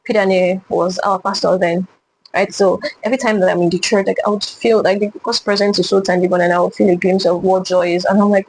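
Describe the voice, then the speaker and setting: Fast-talking young woman sharing her story. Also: mid-range voice, steady tone, a little mellow, slight background noise, low-quality recording. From Nigeria. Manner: earnest and reflective, with many restarts and fillers. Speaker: vlogger. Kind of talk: personal testimony to camera.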